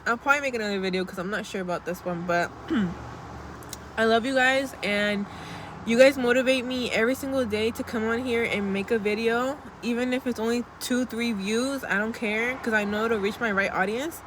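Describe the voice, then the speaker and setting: A woman's voice: a little high, normal speed, background noise. A young woman in casual, blunt pep-talk mode, chatty and sweary, calling her viewers girl as she vlogs. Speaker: vlogger.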